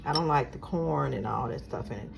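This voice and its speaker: A woman's voice: a bass voice, fairly quick, vocal fry, background noise. A woman talking casually through her home cooking, step by step, as a regular cooking vlogger. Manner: chatty, talks viewers through each step. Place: home kitchen. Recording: kitchen clatter of pots and dishes behind.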